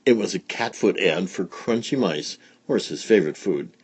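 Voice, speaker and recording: Man, lower voice, very lively pitch, playful children's story read-aloud, dry close sound. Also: normal speed, slightly rough, no echo. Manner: expressive, playful reading.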